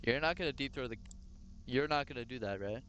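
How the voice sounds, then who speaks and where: A man's voice: medium pitch, brisk, fairly bright tone. A man streaming a game, joking around and playing along as a shop clerk talking to customers. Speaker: gaming streamer. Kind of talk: joking gameplay commentary.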